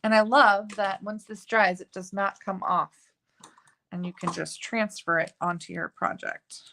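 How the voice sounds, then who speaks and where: A woman's voice: mid-range voice, steady tone, unhurried, creaky, sharp tone, a little hiss or hum. A woman hosting a live card-making tutorial, chatty and gushing, with frequent fillers. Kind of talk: live crafting tutorial chat.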